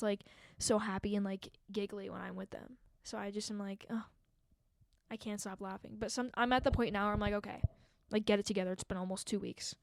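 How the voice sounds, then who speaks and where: A woman's voice: on the high side, a little mellow, no echo. Rambling young woman podcaster, dry close mic. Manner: rambling, self-mocking, filler-heavy. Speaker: podcast host. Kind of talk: casual solo podcast chat. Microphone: handheld mic.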